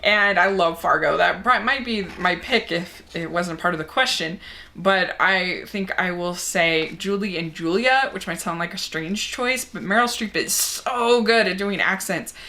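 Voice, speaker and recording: A woman's voice: fairly low pitch, unhurried, sharp tone. A young woman reviewing movies, chatting casually and enthusiastically as she answers a movie tag.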